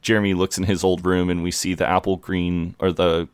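A man's voice: low-pitched, little pitch movement, brisk, clear, resonant tone, no echo, clean studio sound. A man co-hosting a podcast, casually narrating a TV episode's plot step by step and quoting the characters. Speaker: podcast co-host. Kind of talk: casual chat recapping a TV episode.

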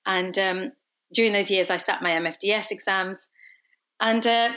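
A woman's voice: medium pitch, fairly even intonation, moderate pace, fairly bright tone. A woman in her thirties from London, a dentist, whose English accent now carries a slight Scottish twang, talking reflectively and earnestly in an interview. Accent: mix of English and Scottish. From London, England. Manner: reflective, earnest, many fillers. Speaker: dentist guest. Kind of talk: conversational interview.

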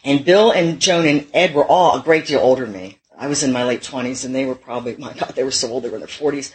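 A woman's voice: extremely low pitch, fast, low-quality recording. A middle-aged woman telling her own recovery story to a meeting, candid and self-mocking, with wry humor. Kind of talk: personal recovery talk.

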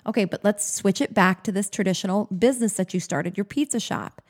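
A woman in her forties giving an enthusiastic, animated motivational talk on business, speaking straight to the listener. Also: medium pitch, moderate pace, hardly any pauses. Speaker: business coach.

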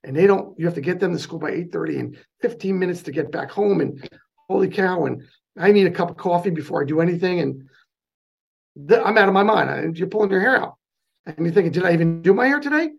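A fast-talking man with a clear New Jersey accent, speaking as an interview guest. His voice is gravelly and slightly husky, and he runs his sentences together with lively energy. He sounds like he is on a remote interview mic. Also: sits high. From North New Jersey. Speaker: guest, charity president. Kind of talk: casual interview.

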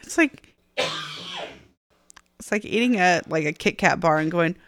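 A podcast co-host chatting casually, adding quick agreements and side comments. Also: medium pitch, animated, a bit bright, no room sound, studio quality. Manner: chiming in with quick agreement and asides. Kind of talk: casual chat.

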